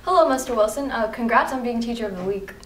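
A woman's voice: fairly high pitch, lively intonation, quick pace, over loud music. A woman interviewing a teacher for a school show, polite and a bit hesitant. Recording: echoey room from far off, loud noise.

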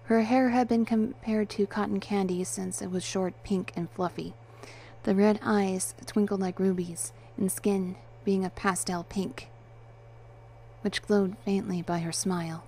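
Mellow woman narrating a story. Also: medium pitch, fairly even intonation, unhurried, slight background noise. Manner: dry, wry and detached. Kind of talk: first-person story narration.

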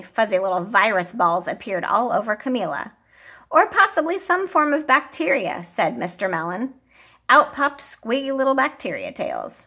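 A woman teacher reading a children's picture book aloud, with expressive, animated storytelling. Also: mid-range voice, breathy edge.

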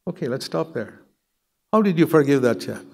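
Gravelly older man preaching earnestly. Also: on the high side, expressive, normal speed. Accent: Indian English. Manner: earnest, conversational preaching with prayerful asides. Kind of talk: sermon.

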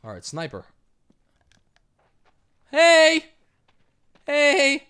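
A man doing let's play commentary, excitable, swinging between yelling and muttering. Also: very high-pitched, extremely slow. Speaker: gameplay commentator.

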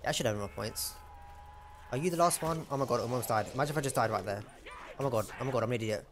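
A man's voice: medium pitch, rapid-fire, noisy background. A young man giving casual, self-mocking gameplay commentary and chatting to the enemies. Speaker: gamer.

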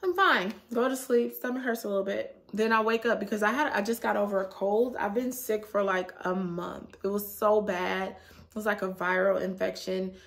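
Woman, sore throat, animated casual vlog chat, laughs often. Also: medium pitch, moderate pace, creaky. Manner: animated, laughs often, acts out her own reactions. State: sore throat after a cold. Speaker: vlogger.

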